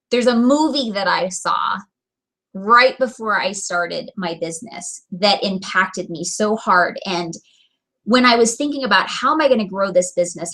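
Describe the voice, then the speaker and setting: A woman telling a personal business story to her followers, animated and acting out the voices in her quotes. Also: medium pitch, poor audio. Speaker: direct sales business owner.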